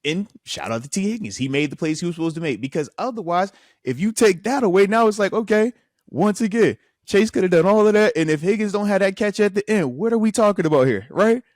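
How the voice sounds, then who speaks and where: A man hosting casual sports talk, animated and emphatic, repeating himself when he gets worked up. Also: high voice, quick pace, no room sound, studio quality. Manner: animated, frustrated, emphatic repetition. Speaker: podcast host, former linebacker.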